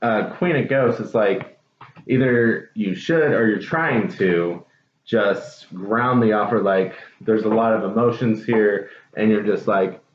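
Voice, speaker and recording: Chatty low-voiced man reading tarot. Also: unhurried. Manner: relaxed, chatty, trailing fillers and laughs. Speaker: tarot reader. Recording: dull echoey room with faint noise.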